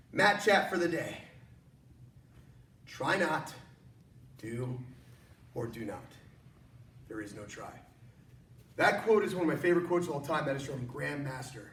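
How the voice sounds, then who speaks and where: An energetic, joking man with a high voice instructs an online martial arts class from his studio. He stands well back from a distant mic in an echoey room, with a faint hiss beneath his voice.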